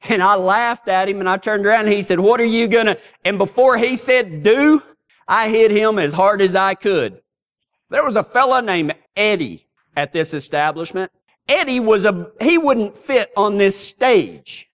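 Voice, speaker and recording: A man's voice: high voice, normal speed. A middle-aged man preaching a sermon full of folksy, humorous stories. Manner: folksy, humorous, animated storytelling. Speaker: pastor. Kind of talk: storytelling sermon.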